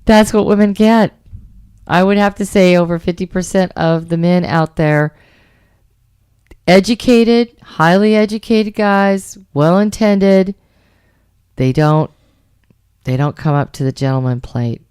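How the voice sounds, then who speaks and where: Middle-aged woman co-host, smooth low-ish voice, emphatic and animated storyteller, dry close sound. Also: unhurried, pauses often, dry recording. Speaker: radio show co-host. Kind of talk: casual chat about dating.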